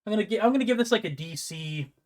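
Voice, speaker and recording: Easygoing male game master, slightly high voice. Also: racing. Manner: relaxed, rambling with fillers. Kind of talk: narrating a tabletop game.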